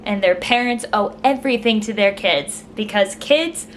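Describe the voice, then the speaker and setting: A woman giving casual reaction commentary on a film, animated, exclaiming and laughing as she watches. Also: medium pitch, moderate pace, slight background noise. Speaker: movie reaction vlogger. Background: film soundtrack playing.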